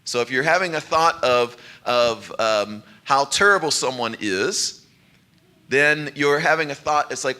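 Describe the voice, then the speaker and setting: Male minister, bright and forceful voice, easygoing sermon delivery with frequent light laughs. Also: mid-range voice, a little slow. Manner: conversational and light, laughing often. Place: church sanctuary.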